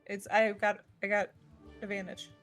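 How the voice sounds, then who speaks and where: A woman playing in a tabletop game, playful with quick asides. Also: medium pitch, level tone, soft background music. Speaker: player. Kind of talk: casual tabletop play.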